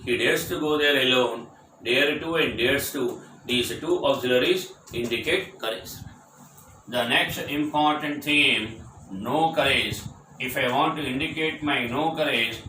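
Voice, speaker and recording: A man's voice: mid-range voice, sharp tone, slight background noise. A man teaching English grammar, drilling short example sentences over and over with emphatic repetition. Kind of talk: grammar lecture. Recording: distant mic in an echoey room.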